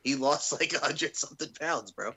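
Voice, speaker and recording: Brash, bright-voiced podcast guy. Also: fairly high pitch, moderate pace, husky. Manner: animated, profane, loud laughs. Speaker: podcast co-host. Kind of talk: casual wrestling chat.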